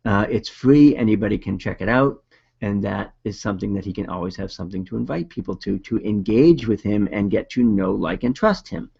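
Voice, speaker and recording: A man's voice: fairly low pitch, expressive, fairly quick, creaky, darkish tone, husky, dull audio. A man with a Boston accent presenting a video marketing webinar in a casual, upbeat coaching manner.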